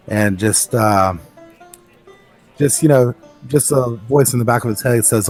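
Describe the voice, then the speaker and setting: A man's voice: medium pitch, a little slow, darkish tone, soft background music. A man playing a tabletop game, joking mischievously about his character's moves. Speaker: player.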